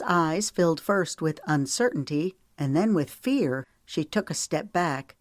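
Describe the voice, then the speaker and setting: Low-voiced woman reading an audiobook. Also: no echo, studio quality. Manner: steady, measured reading. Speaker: audiobook narrator. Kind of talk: audiobook narration.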